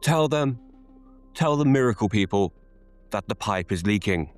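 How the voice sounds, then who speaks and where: A man voicing a tired, wry male pipeline worker in a told horror story, his voice pitched well above the narrator's. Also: lively intonation, moderate pace, darkish tone, soft background music, close to an everyday voice. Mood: tired joking. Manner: tired joking, then frantic.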